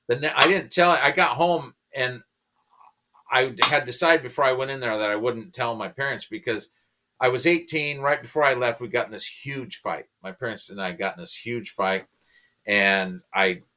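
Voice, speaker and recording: His voice is medium-pitched and his speed normal as this pastor-comedian, guesting on a podcast, animatedly recounts how he came to faith, with earnest emotion throughout.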